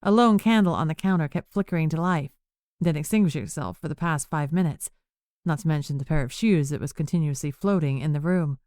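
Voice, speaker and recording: A woman narrating a cozy mystery audiobook in an even, measured way. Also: low voice, dry recording, studio quality. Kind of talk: scripted narration.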